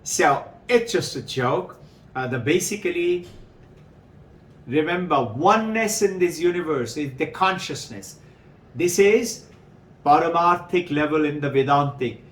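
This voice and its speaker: Male spiritual teacher, sermon, animated storyteller, high lively voice, roomy distant sound. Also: unhurried. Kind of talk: sermon to devotees.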